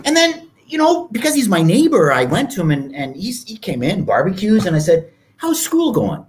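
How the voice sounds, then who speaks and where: A man's voice: high voice, sing-song, brisk, a little hiss or hum. A man in his fifties, a podcast guest, telling stories and acting out quoted people in raised voices. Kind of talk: storytelling interview talk.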